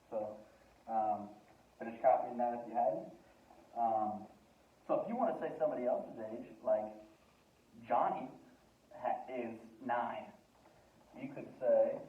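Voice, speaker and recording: A man's voice: mid-range voice, steady tone, moderate pace, long pauses. A man talking a class through Spanish verbs, loose and jokey, switching between English and Spanish. He's heard from far off in a roomy, echoing space, and the sound is thin and tinny like a phone line. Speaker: Spanish teacher. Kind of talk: recorded classroom lesson.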